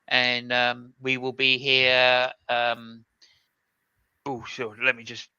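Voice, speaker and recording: A man's voice: mid-range voice, monotone, takes it slowly, pushed and bright, smooth, no echo, highs cut off. A man hosting a live stream in casual chat, joking as he wraps up the show. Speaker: host.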